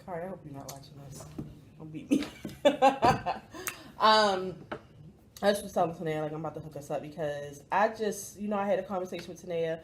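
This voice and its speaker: A woman's voice: lowish voice, animated, fairly quick. Baltimore woman vlogging at home, chatty and cussing, faint hiss and clicks behind her. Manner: chatty, cursing, talks straight to viewers. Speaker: vlog host. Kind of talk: casual chat to camera.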